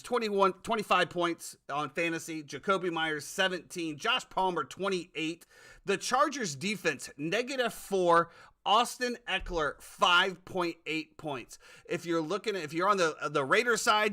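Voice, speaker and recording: Emphatic, bright-voiced male sports podcaster. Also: fairly high pitch. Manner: emphatic, indignant, repeats his points. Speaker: podcast co-host. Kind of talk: casual sports talk.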